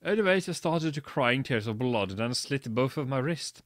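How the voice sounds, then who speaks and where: A man gives a comedic dramatic reading, with a lively, swooping voice full of mock drama. He stumbles over clumsy wording and mocks the text, and the recording is dry and close. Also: mid-range voice, normal speed, no room sound. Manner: mocking, stumbling over misspelled words. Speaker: reader.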